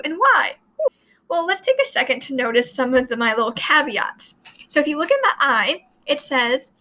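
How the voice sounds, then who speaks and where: Bright-voiced, high-pitched woman teaching Latin. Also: rough recording. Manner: chatty, repeats and sounds out words. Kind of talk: casual explanatory lesson.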